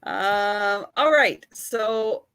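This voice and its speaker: A woman's voice: mid-range voice, drawn-out words, fairly bright tone, smooth. A woman hosting a live online sale, presenting items on a video call. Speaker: host selling vintage photos.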